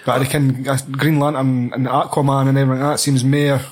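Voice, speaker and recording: A man's voice: mid-range voice, level tone, fast talker. A young man, chatting casually about a film, blunt and laid-back, swearing freely. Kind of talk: casual film review chat.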